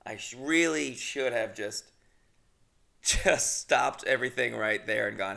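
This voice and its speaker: A man's voice: medium pitch, measured pace, vocal fry, bright, forceful tone. A young adult man hosting a podcast, telling a rambling, comedic story about himself, swearing often and laughing at his own mishaps. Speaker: podcast host.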